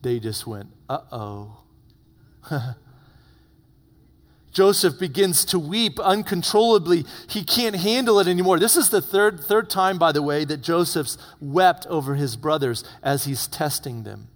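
A male pastor preaching a sermon, retelling a story dramatically and dropping to hushed tones for emphasis. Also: a little high, expressive, moderate pace, hardly any pauses. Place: church. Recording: long reverb of a church hall.

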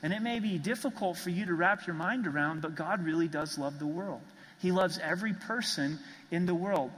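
A man's voice: high-pitched, normal speed, fairly bright tone. Earnest preacher man in a reverberant hall. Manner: earnest, emphatic preaching with repeated phrases. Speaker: pastor. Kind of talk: sermon.

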